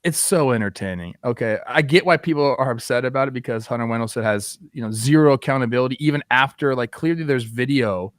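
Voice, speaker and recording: A man co-hosting a casual sports talk show, relaxed and chatty, with frequent likes and you-knows. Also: mid-range voice, quick pace, hardly any pauses, no echo, studio quality.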